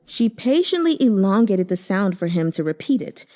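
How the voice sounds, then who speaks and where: Brief: woman audiobook reader, mellow tone, very lively pitch, emotive. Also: moderate pace. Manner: expressive, emotive reading. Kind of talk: expressive novel narration.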